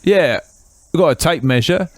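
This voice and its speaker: Picture Keith, a deadpan English airline pilot with a slightly raised voice, spinning absurd stories about his cockpit in a flat, matter-of-fact way, as a man puts him on. The sound is dry and close, with no room around it. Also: a little high, normal speed, no echo, voice pushed up. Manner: deadpan, rambling absurd improv.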